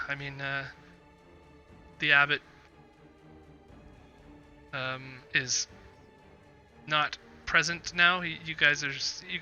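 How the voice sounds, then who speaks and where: A man's voice: a little high, pushed and bright, highs cut off. A man running a tabletop game as game master, rambling with many fillers.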